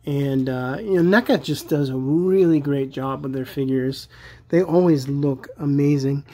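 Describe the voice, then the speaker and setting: Casual vlogger reviewing collectibles, chatty and eager, mid pitch. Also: unhurried, mellow. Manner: chatty and enthusiastic, many fillers. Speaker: toy collector reviewing action figures. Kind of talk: casual product review vlog.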